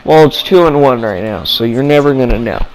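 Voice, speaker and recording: A man's voice: mid-range voice, lively intonation, a little fast, darkish tone, poor audio. A young man giving casual, playful commentary over his own gameplay, acting out his thoughts in mock-dramatic asides.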